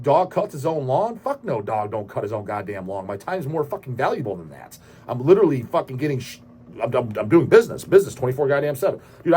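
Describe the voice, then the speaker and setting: A man hosting his own channel, delivering a brash, profane rant full of emphatic swearing and sudden loud bursts. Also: medium pitch, slightly rough. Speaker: channel host. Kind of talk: profane ranting monologue.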